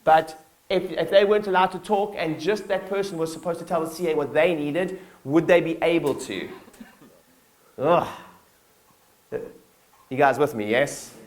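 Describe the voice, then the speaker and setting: A man giving a live keynote talk to his staff at a company conference, energetic and blunt, swearing casually and acting out little scenes. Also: on the high side, moderate pace, pauses often. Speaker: business owner addressing his staff.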